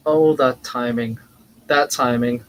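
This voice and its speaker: A man co-hosting a live wrestling watch-along, reacting emotionally and excitedly as events unfold on screen. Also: medium pitch, takes it slowly, a little hiss or hum. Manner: excitable, reacts loudly and swears; anxious, emotional live commentary.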